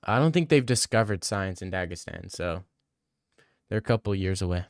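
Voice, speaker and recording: A man's voice: low voice, animated, moderate pace, no echo, clean studio sound. A young man, chatting casually on a live stream and answering his chat in a brash, joking way. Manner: brash, joking, swears a lot.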